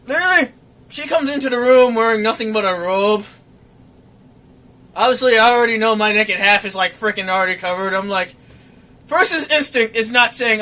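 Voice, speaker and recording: High bright-voiced young man telling a story. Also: brisk. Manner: animated, acts out quoted voices, swears freely. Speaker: podcast co-host. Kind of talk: casual storytelling chat.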